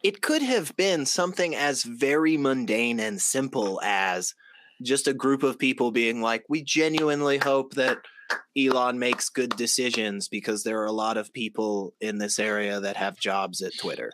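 A man's voice: medium pitch, moderate pace, a bit bright, dry recording. A man co-hosting a podcast, talking casually and rambling with many fillers. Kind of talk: casual debate chat.

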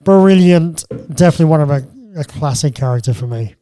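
A man co-hosting a casual film chat, relaxed and bantering. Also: fairly high pitch, brisk, dry recording. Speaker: podcast co-host.

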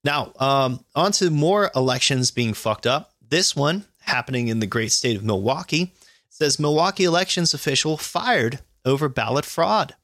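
A man's voice: medium pitch, expressive, moderate pace, a bit bright, no echo, studio quality. A man co-hosting a podcast, reading news stories aloud and adding sarcastic, profane comments and laughs. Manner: sarcastic, laughs often, swears.

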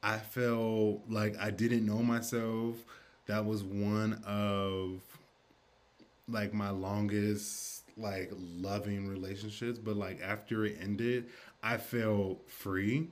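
A man with a somewhat low voice hosts a conversational podcast. He talks in a candid, chatty, affirming way, opening up about himself as he interviews his guest. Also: flat delivery, slow pace. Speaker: podcast host.

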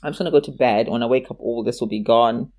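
A woman's voice: very deep voice, fast talker, very noisy. A woman in casual chat telling a childhood story, acting out the voices of the people in it and laughing often.

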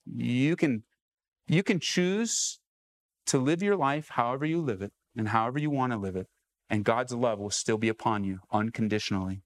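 A man's voice: mid-range voice, normal speed, long pauses, no room sound. Emphatic male pastor preaching. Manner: emphatic, rhetorical questions to listeners. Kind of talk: sermon.

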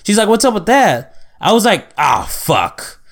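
A young man telling a school story in casual chat, animated and quick, cursing freely. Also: sits high. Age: young adult.

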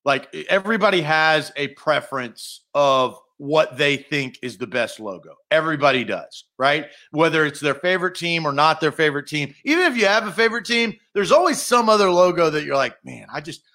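An opinionated sports talk co-host with a high, bright voice, making his case in quick, animated bursts. He talks loosely and chattily, stacking up his reasons one after another. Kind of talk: casual sports radio chat.

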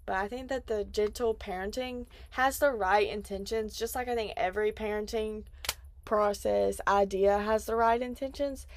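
A woman's voice: medium pitch, fairly even intonation, moderate pace, a little hiss or hum. A woman in her twenties hosting a podcast, chatting casually and rambling with lots of "like" fillers. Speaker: podcast host. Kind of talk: casual chat.

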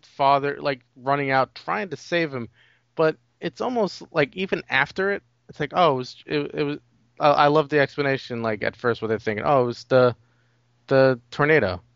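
A man's voice: a little high, a little fast, gravelly, fairly bright tone, no echo, lo-fi sound. A man co-hosting a casual movie podcast, rambling and leaning on "like" and "you know.". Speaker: podcast co-host.

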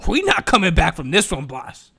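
A man's voice: high-pitched, moderate pace, vocal fry, slightly rough. A young man hosting a podcast, talking in a casual, joking monologue full of slang and swearing. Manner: animated, joking, slangy and profane. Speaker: podcast host.

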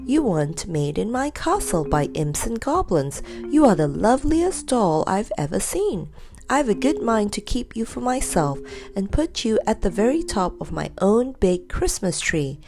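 A woman's voice: mid-range voice, sing-song, normal speed, music in the background. A woman reading as a jolly, exclaiming old Santa Claus. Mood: delighted.

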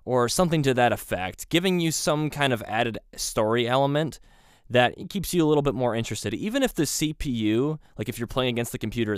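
Male podcast host, casual monologue, sarcastic, rambling, mid-pitched voice, dry close sound. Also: smooth, no room sound. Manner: rambling, sarcastic, self-deprecating asides.

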